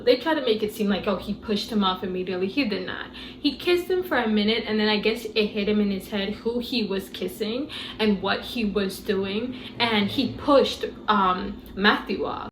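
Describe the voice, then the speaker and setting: A woman giving a casual movie review, retelling scenes in an animated, incredulous way. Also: mid-range voice, moderate pace, hardly any pauses, reverberant, a little hiss or hum, poor audio.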